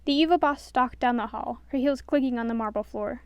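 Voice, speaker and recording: Give me a woman with a slightly high voice reading a storybook aloud. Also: a little fast, clear, resonant tone, dry recording, muffled recording. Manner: expressive, does all voices. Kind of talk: storybook narration.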